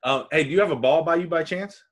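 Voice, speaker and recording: A man's voice: on the high side, fast talker. A man hosting a podcast, asking questions in a casual, joking way and teasing his guest. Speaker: podcast host. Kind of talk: casual interview chat.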